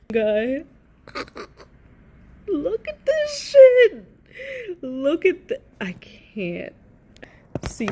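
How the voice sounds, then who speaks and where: Profane ranting woman, mellow voice. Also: mid-range voice, a little hiss or hum. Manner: ranting, swears heavily. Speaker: commentator. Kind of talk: profane reaction commentary.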